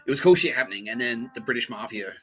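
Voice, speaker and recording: A man's voice: medium pitch, expressive, quick pace, music in the background, rough recording. A man hosting a podcast, telling a rambling comedic story full of swearing. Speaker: podcast host.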